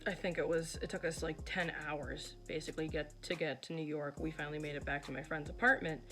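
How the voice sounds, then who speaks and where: A woman's voice: sits low, little pitch movement, fast talker, fairly bright tone, soft background music. A young woman narrating her vlog in a chatty, casual way, with lots of fillers. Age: young adult. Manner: chatty, filler-heavy, teasing. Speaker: vlogger.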